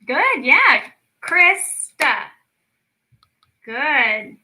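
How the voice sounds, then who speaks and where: A young woman teaching a children's lesson, slow and encouraging as she speaks to young kids. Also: high-pitched, big pitch swings, sharp tone, poor audio. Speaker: speech clinic storytime teacher.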